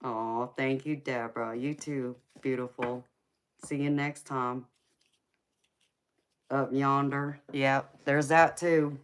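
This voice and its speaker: A woman's voice: extremely low pitch, steady tone, slow pace, long pauses, clean tone. A woman with a heavy Southern accent from Georgia, chatting casually and laughing often while hosting a late-night live stream. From California.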